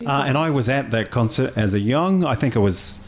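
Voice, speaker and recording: A man's voice: mid-range voice, animated. A man in his forties with a New Zealand accent, co-hosting a casual chat show and joking easily with the others. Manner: chatty, quick to joke. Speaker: co-host.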